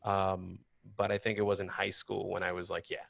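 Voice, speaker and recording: A man being interviewed about his acting and animation work, a lively storyteller who laughs often and quotes himself. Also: low voice, normal speed, creaky, dry recording. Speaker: guest, actor and animator. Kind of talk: casual interview chat.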